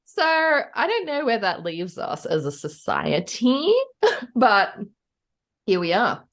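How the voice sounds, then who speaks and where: A woman from a Commonwealth country co-hosting a podcast in casual chat, giggly and animated, often slipping into playful voices. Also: a little high, takes it slowly. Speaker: podcast co-host.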